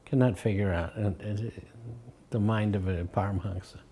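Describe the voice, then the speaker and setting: An older man recalling his spiritual teacher in a relaxed storytelling way, acting out the voices in his stories. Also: lowish voice, moderate pace, slightly rough. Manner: acts out quoted voices, chuckles between stories. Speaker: devotee recalling memories. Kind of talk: anecdotal storytelling.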